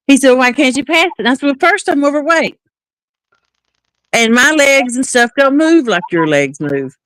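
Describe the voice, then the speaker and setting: A woman's voice: mid-range voice, no room sound. Woman telling a story, dry close sound. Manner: animated, acts out quoted dialogue. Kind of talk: casual storytelling.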